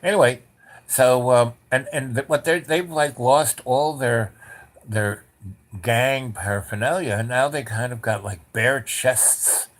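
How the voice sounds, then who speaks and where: A man's voice: medium pitch, unhurried. A man hosting a podcast, telling a story in a casual, rambling way with restarts, asides and blunt swearing. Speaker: podcast host.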